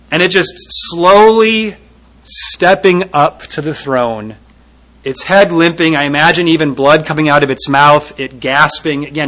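A man preaching a sermon, retelling a scripture scene vividly and rising to loud emphasis at its peaks. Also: on the high side, rough recording.

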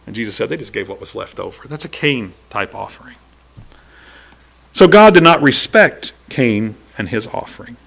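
A middle-aged man preaching a sermon, animated and storytelling, acting out quoted voices and laughing often. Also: mid-range voice, normal speed, vocal fry, slightly rough.

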